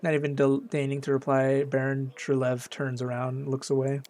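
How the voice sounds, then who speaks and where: A man's voice: medium pitch, completely flat delivery, normal speed, a little mellow. A man playing a video game, reading its text aloud and commenting, often stumbling over names. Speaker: let's play gamer.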